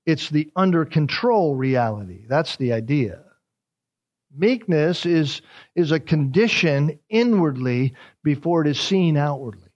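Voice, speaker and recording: A man preaching an expository sermon as pastor, repeating key words for emphasis. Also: medium pitch. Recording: dull lo-fi sermon recording.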